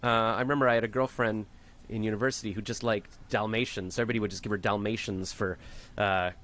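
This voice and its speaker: A man's voice: on the low side, steady tone, fast, a bit bright. A man hosting a podcast, chatting casually and telling rambling, joking stories. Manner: rambling, jokey storyteller. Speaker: podcast host. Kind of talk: casual chat.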